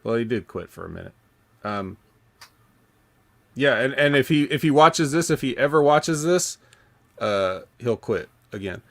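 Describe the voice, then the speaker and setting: A man hosting a casual podcast, talking in a rambling, halting way with many fillers and restarts. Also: medium pitch, expressive, vocal fry. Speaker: podcast host.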